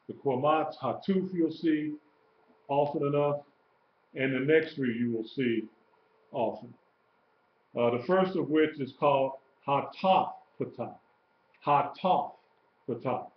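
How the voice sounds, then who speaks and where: A man's voice: on the high side, a little slow, long pauses, a little hiss or hum. A man teaching a class, patiently repeating each term and spelling words out letter by letter. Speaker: Hebrew teacher. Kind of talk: classroom lecture, live-streamed. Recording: roomy, dull lo-fi live stream.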